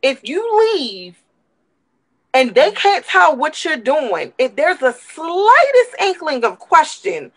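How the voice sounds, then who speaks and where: A woman's voice: high voice, sing-song, takes it slowly, poor audio. A woman co-hosting a talk show, giving impassioned, emphatic commentary and repeating words for emphasis while emotional.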